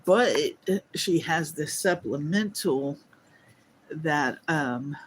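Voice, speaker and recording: A woman drawls slowly through a casual livestream, yawning now and then and calling her viewers y'all. She talks into a phone on a holder at a craft table, with a faint hum of room ambience behind her. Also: low-pitched, animated. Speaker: livestream host.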